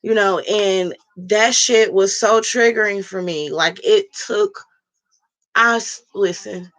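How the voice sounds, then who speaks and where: A woman's voice: mid-range voice, a bit bright. Blunt, profane woman ranting on her vlog. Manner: blunt, profane, heated storytelling. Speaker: vlogger. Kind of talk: casual vlog rant.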